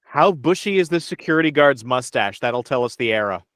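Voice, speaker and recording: A man's voice: mid-range voice, expressive, a little fast, a bit bright, dry recording, clean studio sound. A man playing a tabletop role-playing game, wry and joking. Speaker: player.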